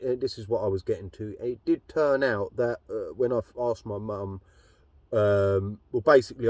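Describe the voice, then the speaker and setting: A man's voice: on the low side, darkish tone, no room sound. A man telling a personal story in a blunt, rambling way, swearing heavily. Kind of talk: casual storytelling monologue.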